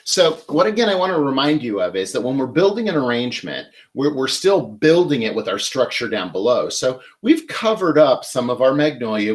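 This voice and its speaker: A man hosting a live flower-arranging demonstration, chatty and enthusiastic as he talks while working with his hands. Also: on the low side. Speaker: florist host.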